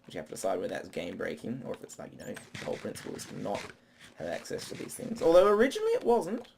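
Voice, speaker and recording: A man with a gravelly, lively voice that swings up and down as he rambles along. He thinks out loud as he plays, doing casual let's play commentary at a desktop mic. Faint keyboard clicks and a low hiss sit behind him. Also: very fast. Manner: rambling, talks to himself. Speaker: gaming channel host.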